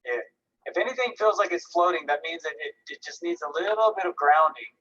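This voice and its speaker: Encouraging painting teacher on a video call. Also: male voice, on the high side, brisk, dull audio. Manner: relaxed, encouraging, thinks aloud with restarts. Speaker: painting instructor. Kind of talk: live online art class critique.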